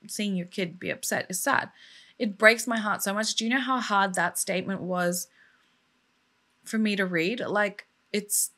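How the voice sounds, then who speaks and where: A woman in her thirties or younger narrates a true crime case straight to her viewers, in a loose, chatty way. She sounds moved and quick to voice outrage, with a voice of middling pitch for a woman. She keeps the tone personal, as if talking with a friend. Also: fairly bright tone. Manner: emotional, indignant and conversational. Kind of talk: casual storytelling vlog.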